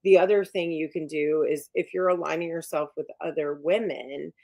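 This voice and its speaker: A woman's voice: low voice, fairly even intonation, normal speed, vocal fry, mellow. A middle-aged woman executive coach, a guest on a podcast, who talks emphatically with many fillers and restarts. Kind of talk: podcast interview.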